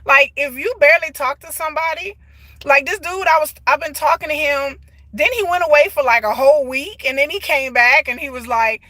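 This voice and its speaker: A woman talks to her phone at arm's length from inside a parked car, animated and full of asides to her viewers. Her voice sits a little high and sounds bright and forward. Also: moderate pace, no echo. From Texas. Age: 40s. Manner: chatty, animated, often laughs and says y'all. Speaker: vlogger. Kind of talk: casual live-stream chat. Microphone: phone held at arm's length.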